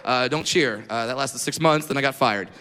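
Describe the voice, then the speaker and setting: A man from Southern California doing a stand-up comedy set on stage, telling stories in a brash, profane, animated way. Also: medium pitch, moderate pace, long reverb tail. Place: comedy stage before an audience. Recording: live set with clear background noise.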